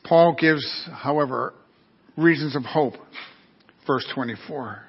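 A man's voice: a little high, slow pace, husky. A man preaching an earnest, storytelling sermon. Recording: dull lo-fi recording.

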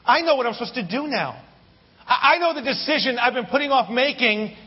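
An unsure young stranger talks hesitantly and earnestly, as a preacher acts him out in a sermon story. The voice is husky and high, and it sounds a little dull under a long hall reverb. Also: male voice, expressive, a little fast, exaggerated voice. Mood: amazed. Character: unsure young man, stranger seeking direction.

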